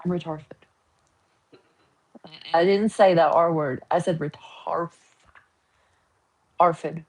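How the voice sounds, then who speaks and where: Husky woman with a lowish voice, playful livestream host, joking and laughing. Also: steady tone, slow, pauses often, darkish tone, poor audio. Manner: chatty, joking and teasing, often laughing. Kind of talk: casual livestream chat. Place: at home, painting her nails.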